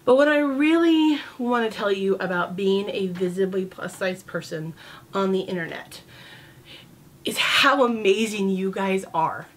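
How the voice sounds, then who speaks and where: A woman's voice: mid-range voice, animated, measured pace. Candid, sassy woman vlogging. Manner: candid, chatty, sassy, lots of "like". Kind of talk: casual talk to camera.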